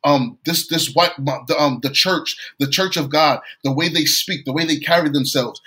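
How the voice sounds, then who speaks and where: A man's voice: on the high side, normal speed, few pauses, pushed and bright, rough recording. A man from New York preaching a sermon, telling a story and often repeating and restarting his phrases.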